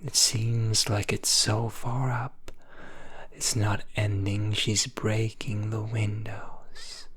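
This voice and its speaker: ASMR storyteller, man, unhurried breathy whisper, flat delivery. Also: fairly low pitch.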